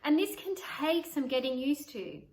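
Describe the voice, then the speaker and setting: A woman voice coach giving an instructional talk to camera, demonstrating vocal exercises by shifting her pitch and volume. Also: lively intonation, normal speed, a little mellow. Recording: roomy echo.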